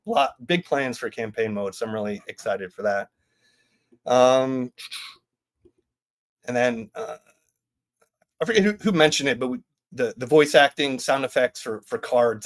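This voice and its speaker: A man in his thirties casually presenting game updates at a community town hall, rambling with lots of fillers and restarts. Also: mid-range voice.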